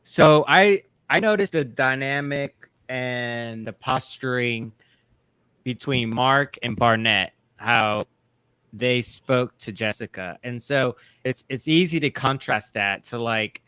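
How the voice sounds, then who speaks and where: A man's voice: medium pitch, slow pace, sharp tone, smooth, no room sound. A man co-hosting a casual TV recap chat, rambling with many fillers and restarts. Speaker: co-host.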